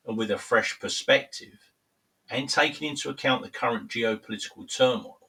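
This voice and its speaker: A man with a Cockney accent and a cold, reading a prepared political monologue in a measured, formal, grave manner. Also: medium pitch, a bit bright, far from the mic, rough recording. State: has a cold. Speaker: political commentary host.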